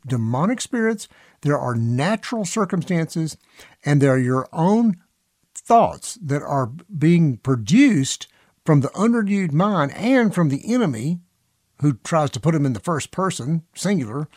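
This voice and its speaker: A man preaching on a podcast, earnest and emphatic, with a pitch that rises and falls a great deal. His voice sits a little high for a man. The sound is close and dry, with no room around it. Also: darkish tone, dry recording. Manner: earnest, emphatic, reads scripture aloud. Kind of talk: podcast sermon.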